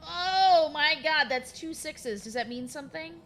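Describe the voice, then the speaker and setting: A woman's voice: high voice, animated, unhurried, a bit bright. A woman playing a tabletop role-playing game, chatty and giggly, describing her cat character's actions. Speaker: player. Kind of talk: casual tabletop play.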